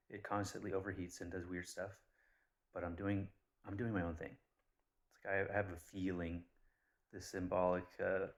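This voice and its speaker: Very low male voice, candid vlogger who tells stories with blunt asides. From Persian background. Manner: blunt, swears, animated retellings. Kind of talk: casual rambling monologue.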